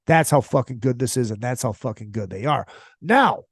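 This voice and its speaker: A man hosts a casual solo podcast rant, swearing heavily and voicing strong, emphatic opinions. His medium-pitched voice has lively intonation and moves at normal speed, recorded in studio quality with no room sound.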